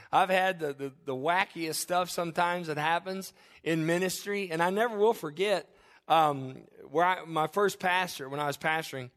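A middle-aged man preaching a sermon as pastor, animated, often acting out the voices of his listeners and the people in his stories. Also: fairly high pitch.

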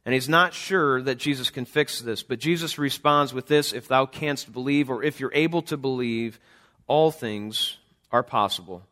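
Male pastor, mid pitch, earnest sermon delivery with restarts. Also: moderate pace, fairly bright tone. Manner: earnest preaching with frequent restarts and scripture readings. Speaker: father of a young son.

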